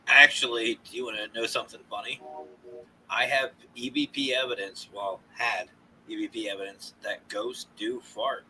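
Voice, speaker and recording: A man, a paranormal consultant guest, telling animated stories in casual podcast chat and laughing often. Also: medium pitch, normal speed, a little hiss or hum, rough recording.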